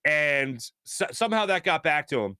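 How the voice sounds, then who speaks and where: A man hosting a casual talk show, rambling through stories with many fillers and animated asides. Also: a little high, moderate pace, clear, resonant tone, no echo, studio quality. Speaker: show host.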